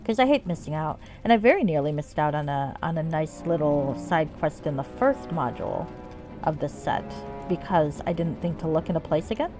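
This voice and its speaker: Lively low-voiced woman streamer swearing. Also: normal speed. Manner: chatty, swears freely. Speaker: game streamer. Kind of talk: casual let's-play commentary. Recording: game music behind.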